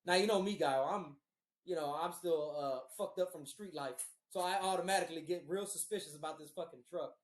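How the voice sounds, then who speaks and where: Profane, animated man telling a story. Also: on the high side, a little fast. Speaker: podcast host. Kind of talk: casual storytelling. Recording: roomy echo.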